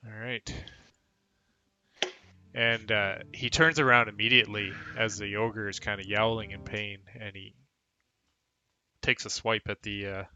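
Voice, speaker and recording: Casting: male game master, bright and sharp, halting delivery. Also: fairly low pitch, steady tone, highs cut off, slight background noise. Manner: halting, full of fillers. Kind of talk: narrating a tabletop game.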